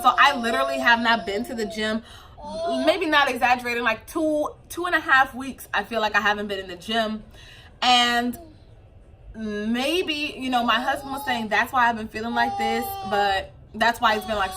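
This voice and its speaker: A young woman vlogging as a new mom, chatting casually to camera with a loose, animated flow and many fillers. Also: on the high side, normal speed, slight background noise.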